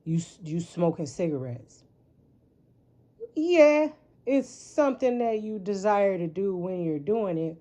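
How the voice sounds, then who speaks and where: A woman's voice: mid-range voice, expressive, unhurried, warm tone. A woman giving a casual tarot reading, rambling and frank, swearing freely and often asking "right?". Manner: rambling, frank and profane, with frequent rhetorical "right?". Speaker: tarot reader.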